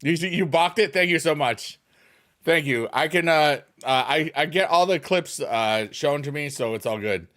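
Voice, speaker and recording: A man's voice: fairly high pitch, moderate pace, a bit bright. A middle-aged man streaming a mobile game, chatting casually with his viewers and breaking into goofy chicken noises. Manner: goofy, chants silly chicken noises, talks to chat.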